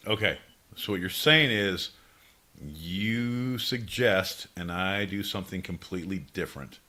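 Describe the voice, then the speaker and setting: Theatrical comedic podcast host, lively voice. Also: male voice, lowish voice, takes it slowly. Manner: playful, theatrical, swings between loud bursts and mumbles.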